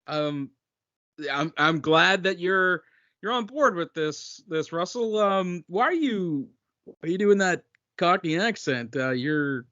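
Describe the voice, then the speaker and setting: A man's voice: high voice, animated, slow, bright, forceful tone, no echo, highs cut off, exaggerated voice. A man playing a flustered male film director who stammers and keeps restarting his sentences.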